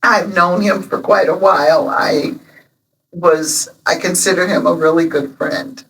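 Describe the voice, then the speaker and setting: A woman in her seventies, guest on an interview, telling stories warmly and emotionally with many pauses. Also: fairly low pitch, steady tone, vocal fry, distant mic, low-quality recording. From Illinois, USA. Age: 70s. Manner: emotional, storytelling, many ums. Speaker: interview guest, local alderman. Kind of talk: casual interview chat.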